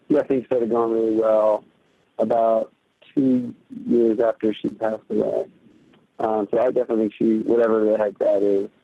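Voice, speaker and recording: Male interview guest; fast, reflective, gravelly, phone-quality recording. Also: on the low side, no room sound. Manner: quick, halting, thinking aloud. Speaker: interview guest, pop musician. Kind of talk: reflective podcast interview answers. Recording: tinny phone-like dry line.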